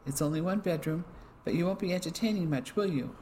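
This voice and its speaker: A storyteller voicing an assured Englishwoman who talks in a gentle but firm manner. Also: medium pitch, fast, a little hiss or hum, lightly acted. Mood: kindly.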